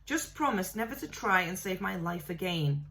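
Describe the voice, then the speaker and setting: A woman reading a storybook aloud, voicing a calm, friendly schoolboy wizard in an easy, matter-of-fact way. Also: fairly low pitch, moderate pace. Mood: easygoing.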